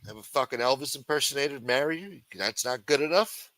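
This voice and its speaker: A man with a bright, forceful voice reads news stories aloud and tears into them with crude, mocking asides. His delivery is sarcastic and full of profanity. The sound is close and dry, with no room around it. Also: mid-range voice, animated, fairly quick, no echo, poor audio. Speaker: livestream show host. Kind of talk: reading news articles aloud with commentary.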